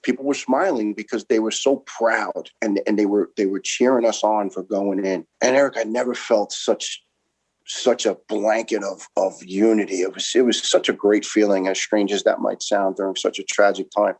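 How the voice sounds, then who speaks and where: A man's voice: lowish voice, fairly even intonation, normal speed, husky, poor audio. A middle-aged man from Brooklyn, a former first responder giving an earnest, impassioned interview and repeating words as he builds each point. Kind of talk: conversational interview.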